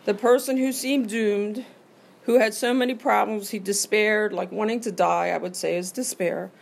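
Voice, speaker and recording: A middle-aged woman speaks at a recovery meeting in a mid-pitched voice, telling her own story with candid earnestness. She acts out the voice in her own head as she goes, in the manner of a personal recovery share. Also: fairly even intonation, moderate pace, gravelly.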